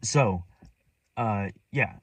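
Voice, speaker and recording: This young vlogger's lowish voice has a breathy edge and drawn-out words, captured dry and from a distance. Set back from the mic, he casually rambles through a story from his life, restarting and repeating himself.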